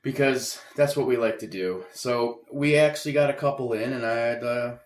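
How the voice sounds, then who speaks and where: A man's voice: mid-range voice, moderate pace. A man co-hosting a podcast in casual chat, joking and laughing often. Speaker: podcast co-host. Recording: roomy echo.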